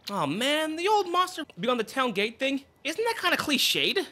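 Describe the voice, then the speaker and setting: A woman hosting a casual let's play, chatty and expressive as she reacts to the game. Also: sits high, moderate pace, few pauses. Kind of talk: casual gameplay commentary.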